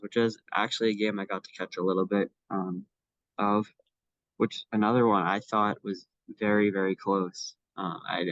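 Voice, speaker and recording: A man's voice: deep voice, no room sound, dull audio. A young man co-hosting a casual sports podcast, talking in a chatty way with many fillers and restarts. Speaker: podcast co-host.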